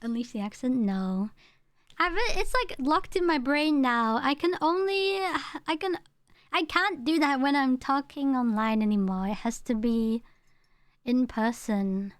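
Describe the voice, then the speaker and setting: A high-voiced woman streamer from the UK talks casually with her live chat. She rambles and repeats lines, with her home accent toned down. The close mic sounds dry, with no room echo. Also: lively intonation, measured pace. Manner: chatty, rambling, repeats herself. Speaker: VTuber streamer.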